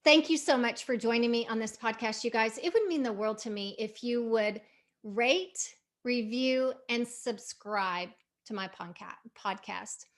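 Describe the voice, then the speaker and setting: A middle-aged woman hosting a podcast, coaching listeners through a motivational visualization and repeating her phrases for emphasis. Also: a little high. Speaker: podcast host.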